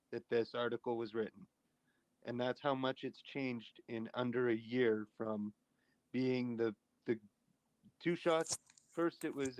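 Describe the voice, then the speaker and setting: Dude arguing in an online debate, keeps asking pointed questions, kinda halting. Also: male voice, mid-range voice, rough recording. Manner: argumentative, questioning, halting restarts. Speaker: debate participant. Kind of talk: casual debate talk.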